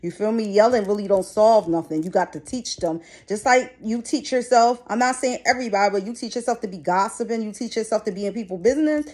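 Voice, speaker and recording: A woman's voice: medium pitch, fast talker, hardly any pauses, darkish tone. A middle-aged woman giving a casual tarot reading to her viewers, talking bluntly and chattily and swearing freely. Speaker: tarot reader. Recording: noisy background.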